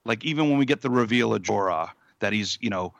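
A man's voice: lowish voice, lively intonation, fast talker, creaky, no echo, highs cut off. Rambling podcast co-host man. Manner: rambling, laughs easily. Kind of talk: casual chat.

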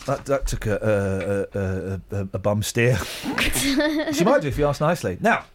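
A man's voice: mid-range voice, sing-song, a little slow, a little hiss or hum. A man hosting a radio show podcast, bantering and teasing his colleagues in a cheeky, self-mocking way from the studio. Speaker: radio presenter.

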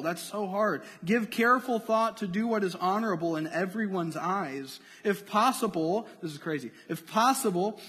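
A man preaching a sermon in a relaxed, conversational way, full of rhetorical questions and casual slang. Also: fairly high pitch, in a large hall. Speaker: pastor.

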